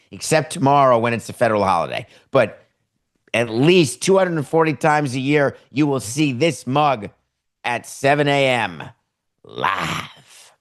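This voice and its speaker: A middle-aged man with a somewhat low voice hosts a live daily talk show. He talks in a rambling, emphatic way, breaking off to correct himself before pressing on. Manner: rambling, self-interrupting and emphatic. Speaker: podcast host.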